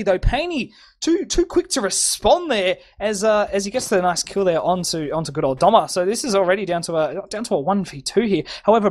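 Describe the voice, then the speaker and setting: A man doing live play-by-play commentary on a competitive shooter match, excitable and stumbling over repeated words. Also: high voice. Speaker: esports shoutcaster. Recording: noisy game audio underneath.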